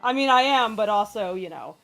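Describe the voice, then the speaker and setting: A woman chatting casually on a livestream panel, breezy and quick to laugh, dropping the odd swear word. Her pitch is middling. A little music sits quietly behind her. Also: animated, vocal fry.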